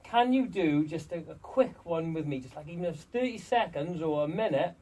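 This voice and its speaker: A man's voice: a little high, lively intonation, brisk, dark tone, distant mic. Friendly man from Wales interviewing. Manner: self-deprecating, friendly. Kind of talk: casual interview.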